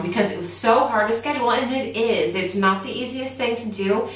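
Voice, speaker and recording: A woman's voice: medium pitch, normal speed, few pauses. A woman co-hosting a casual parenting chat, encouraging the audience and wrapping up the show. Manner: encouraging, affirming listener. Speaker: co-host. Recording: echoey room, mic at a distance, faint noise.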